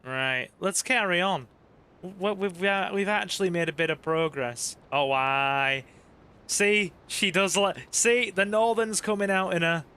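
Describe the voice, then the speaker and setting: A man's voice: sits high, lively intonation, a little slow, sharp tone, clear, resonant tone. A man giving casual let's-play commentary, chatty and joking, swearing casually and talking to his viewers. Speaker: gaming channel host.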